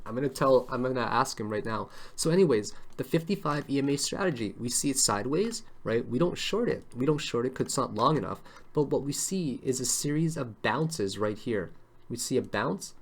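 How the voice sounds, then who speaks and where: A man's voice: medium pitch, expressive, fairly quick. A man giving a casual live-stream lesson on trading charts, chatty and always checking in with his viewers. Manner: chatty, keeps checking in with "right?" and "okay?". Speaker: crypto trading analyst.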